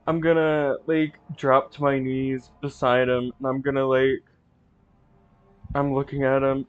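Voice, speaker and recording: A player in a tabletop game, reacting in halting, flustered bursts. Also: medium pitch, little pitch movement, clean tone, dry recording, phone-quality sound. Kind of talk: playing a character in a tabletop game.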